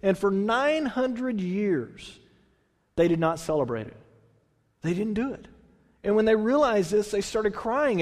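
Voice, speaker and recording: A man's voice: high-pitched, darkish tone, in a large hall. A man, a pastor, preaching a conversational sermon, reading scripture and then explaining it with restarts and questions to the congregation. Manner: restarts and repeats words, asks the congregation questions.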